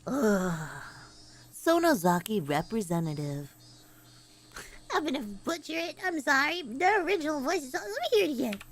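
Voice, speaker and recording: Bright, high, animated woman streamer; joking, excitable reactions. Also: fast talker, hardly any pauses, slight background noise. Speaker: streamer playing a visual novel. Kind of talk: casual reaction commentary.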